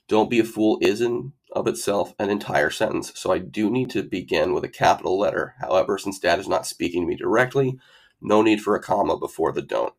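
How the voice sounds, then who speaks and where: A man's voice: low voice, expressive, brisk, creaky. A man working as an SAT tutor, explaining grammar rules over slides in a methodical way with wry asides.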